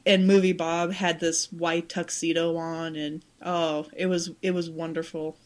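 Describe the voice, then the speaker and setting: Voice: medium pitch, flat delivery, measured pace. A podcast host who chats casually and enthusiastically, enunciating every word. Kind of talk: casual chat.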